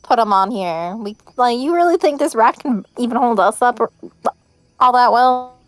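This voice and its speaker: A woman's voice: fairly high pitch, animated, moderate pace. A woman playing a tabletop game, making offhand, wry remarks. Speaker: player. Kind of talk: casual tabletop play.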